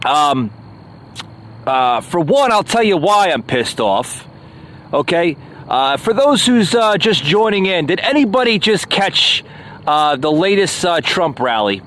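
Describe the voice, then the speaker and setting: A man hosts a political commentary podcast in a slow, halting delivery full of fillers. His voice sits a little high and carries open irritation. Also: sing-song, fairly bright tone, a little hiss or hum. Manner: aggravated, many uh fillers, stumbling. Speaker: podcast host.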